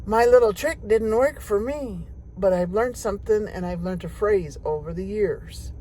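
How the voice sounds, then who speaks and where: A woman's voice: mid-range voice, normal speed, dark tone. Older woman, folksy chatty storyteller, talks to viewers, recorded in a car, faint background noise. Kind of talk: casual personal storytelling.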